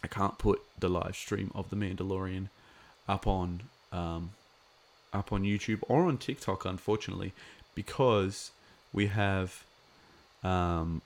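A man's voice: deep voice, steady tone, measured pace. A man chatting casually as a live streamer, rambling with many fillers.

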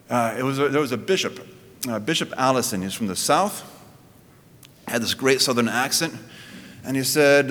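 A man giving a sermon as a pastor, in a conversational preaching manner that climbs and drops in pitch, with frequent restarts. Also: expressive, normal speed, a bit bright, in a large hall.

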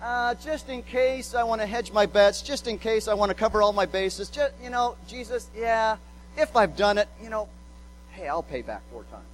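A man's voice: sits high, normal speed, slight background noise, close to an everyday voice, poor audio. A man voicing a repentant male tax collector who confesses his wrongs, in an earnest everyday tone. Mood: hedging.

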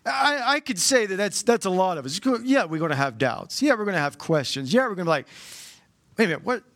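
A man preaching a sermon with a notably high voice. He talks like he is chatting with the congregation and keeps leaping up in pitch. The sound is dry and close. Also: fast, no echo. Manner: animated, conversational preaching with sudden jumps in pitch. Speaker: pastor.

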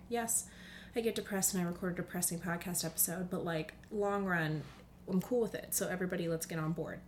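A woman's voice: on the low side, a little hiss or hum. A young woman hosting a casual podcast monologue from home, chatty, dropping into whispers for asides. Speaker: podcast host.

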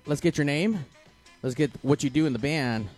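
A man's voice: fairly high pitch, normal speed, soft background music. Profane rowdy male podcast host. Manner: profane, loud, joking. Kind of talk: rowdy casual chat.

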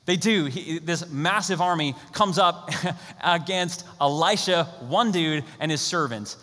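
A man preaching a sermon with a bright, forceful voice pitched a little high. He talks in a casual, energetic way and acts out the characters as he retells a story. His voice rings with the long echo of a large hall. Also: a little slow. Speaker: pastor.

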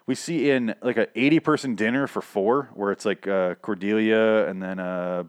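A man's voice: lowish voice, moderate pace, smooth. Rambling, swearing man recapping a show. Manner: rambling, swearing, self-interrupting with laughs. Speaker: podcast host recapping a TV show. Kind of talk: casual profane recap monologue.

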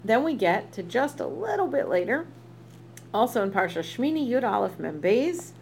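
A woman's voice: fairly high pitch, very animated, moderate pace, creaky, darkish tone, a little hiss or hum. A woman teaching a text study in a chatty way, reading verses aloud and translating them with asides. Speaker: Torah teacher.

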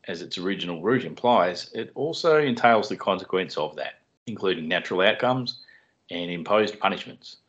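A man speaks in a low register as he works through scripture with calm, methodical explanation and a dry wit. The recording sounds somewhat dull and lo-fi. He is a podcast co-host. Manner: measured, explanatory, dry humor. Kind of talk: teaching Bible study podcast.

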